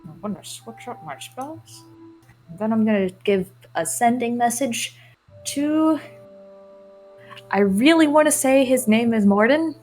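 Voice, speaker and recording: Upbeat female player with a higher voice, casual game banter, soft music behind. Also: animated, a little slow. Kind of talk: casual tabletop play chat.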